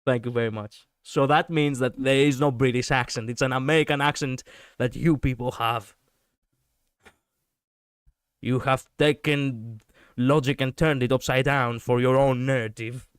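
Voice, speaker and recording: A man's voice: mid-range voice, fairly even intonation, moderate pace, clean tone, no room sound, clean studio sound. A man chatting casually on a livestream as a VTuber, rambling and laughing often while he responds to viewers. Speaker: VTuber streamer.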